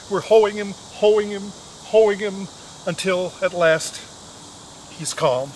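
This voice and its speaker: A man's voice: high voice, expressive, normal speed, fairly bright tone, a little hiss or hum, rough recording. A middle-aged man performing a comic storytelling monologue in a wry, anxious, self-mocking way.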